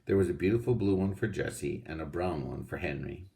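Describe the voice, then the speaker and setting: A man reading a children's storybook aloud in a steady, unhurried way. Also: sits low, creaky. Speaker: audiobook reader.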